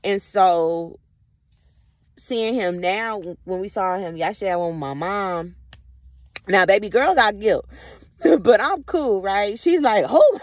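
Vlogger, casual reflective monologue: rambling, slangy, quick to laugh, dry close sound. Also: medium pitch, no room sound. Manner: rambling, frequent laughter, heavy slang and profanity.

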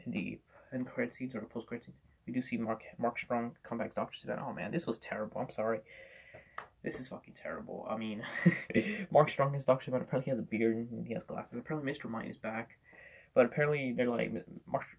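Man, casual rambling movie reviewer, quick delivery, husky gravelly voice, curses a lot. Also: medium pitch. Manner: rambling, swears a lot, many fillers and restarts.

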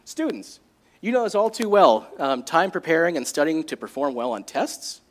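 Male pastor, sermon, jokey, animated, high voice. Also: normal speed.

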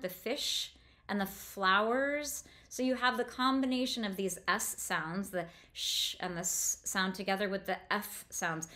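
A woman giving an enthusiastic literature lecture, breaking down a passage sound by sound and slowing down to read lines aloud. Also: mid-range voice, fairly bright tone. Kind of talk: close-reading lecture.

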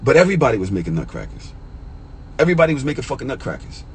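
A man in his middle pitch range tells a personal story casually, swearing freely. He swings from choked-up and quiet to loud and high when something riles him. A faint hum sits behind his voice. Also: very fast, creaky, rough recording. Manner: animated, profane, jumps to high excited pitch when worked up; emotional, gets choked up. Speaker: storyteller vlogger.

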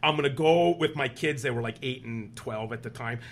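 A Wisconsin man in his fifties, a state senator and former teacher, is an interview guest telling stories with lively energy and acting out other people's lines. His voice is mid-range and a little fast.

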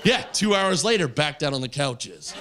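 Animated male stand-up comedian. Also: on the high side, moderate pace, over a noisy crowd, very noisy. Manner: animated storytelling, acts out characters. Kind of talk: stand-up set. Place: comedy club stage with audience.

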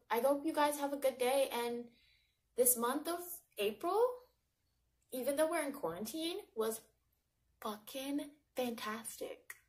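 A woman in her twenties talking straight to her viewers in a personal vlog, heartfelt and rambling, leaning on fillers, close to tears with her voice catching. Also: mid-range voice. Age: 20s. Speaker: vlogger.

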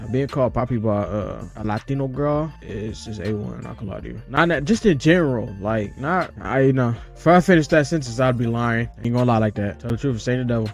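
A man giving casual, swearing commentary while playing a game, squealing and shouting at jumps and singing bits of rap. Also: medium pitch, fairly quick, creaky, hardly any pauses, soft background music. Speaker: gaming streamer. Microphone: headset or desk mic with face cam.

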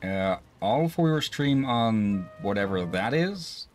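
Gaming streamer, man, low unhurried voice, relaxed and chuckly. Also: a little hiss or hum. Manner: relaxed, laughs often, thinks aloud. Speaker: streamer playing a co-op game. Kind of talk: casual gaming chat.

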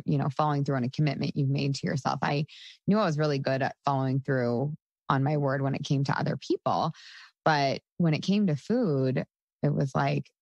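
A woman's voice: low voice, darkish tone, dry recording, highs cut off. Chatty woman coach, dry close mic. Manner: chatty, full of "like" fillers, laughs often. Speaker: podcast guest, coach. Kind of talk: casual interview talk.

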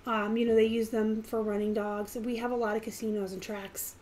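A woman hosting a casual live stream, talking in a chatty, animated way with bursts of fast talk. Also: fairly high pitch, a little hiss or hum. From Pittsburgh area, US. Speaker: live stream host, reseller.

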